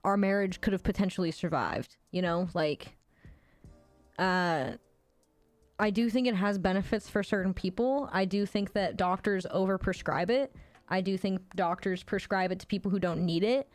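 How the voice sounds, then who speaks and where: A woman's voice: mid-range voice, moderate pace, no room sound, soft background music. A woman in her thirties livestreaming, chatting casually with viewers and reading their messages, blunt and swearing freely with frequent laughs.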